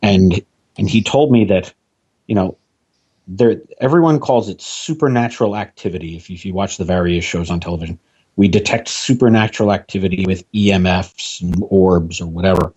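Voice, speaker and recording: A man's voice: deep voice, moderate pace, darkish tone, slightly rough, highs cut off. A man, a podcast guest, telling long anecdotes about an old friend and quoting him at length. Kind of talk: storytelling interview guest.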